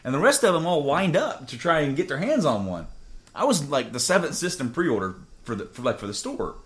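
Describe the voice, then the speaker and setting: A man's voice: a little high, big pitch swings, a little fast, fairly bright tone. A man hosting a gaming podcast in a studio, talking in a loose, rambling way. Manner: rambling, drinking beer while talking. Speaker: podcast host. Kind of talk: casual chat.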